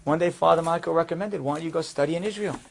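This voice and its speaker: A man telling a story aloud, acting out the voices of the people in it and rising high and loud at the dramatic moments. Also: racing, gravelly, slight background noise. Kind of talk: animated story with acted dialogue.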